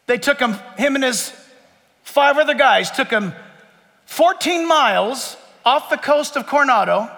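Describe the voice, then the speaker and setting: A man preaching a sermon as pastor, emphatic, surging to loud peaks and then sinking low and quiet. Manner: emphatic, rising to near-shouts then dropping low. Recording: long hall reverb.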